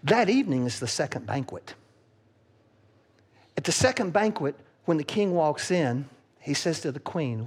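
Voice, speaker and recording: A man preaching a sermon, retelling a story with animated voices for its characters. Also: a little high, normal speed, pauses often, breathy edge. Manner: animated, acts out the characters' lines. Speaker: pastor.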